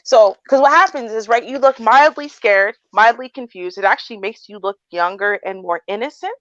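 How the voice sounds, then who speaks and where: A woman co-hosting a casual livestream chat, telling stories with animated flair and acting out voices. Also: fairly high pitch, moderate pace, no echo, muffled recording. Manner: animated storytelling, acts out a sweet confused voice. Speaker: co-host.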